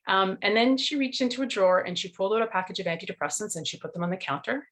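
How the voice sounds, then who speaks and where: A woman's voice: medium pitch, lively intonation, very fast, few pauses, a bit bright. A middle-aged woman, a nutrition coach, telling her story earnestly in an interview over a video call.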